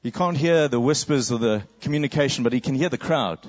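A male preacher tells a story in a vivid, dramatic sermon style, with a mid-pitched voice. The recording is a little dull and lo-fi. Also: brisk. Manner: vivid storytelling, acting out crowd cries and whispers.

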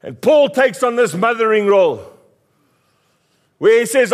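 A man's voice: very high-pitched, expressive, measured pace, pauses often. A middle-aged South African man, a pastor, preaching a passionate sermon with emphatic repetition.

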